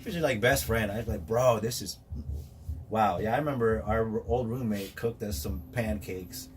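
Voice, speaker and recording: A man's voice: on the low side, normal speed, far from the mic, slight background noise. A man in casual chat, laid-back, throwing in slang and short reactions.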